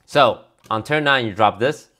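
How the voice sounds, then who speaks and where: A man's voice: medium pitch, normal speed, bright, forceful tone. A man streaming a card review in casual commentary, reading card text aloud and answering viewers offhandedly.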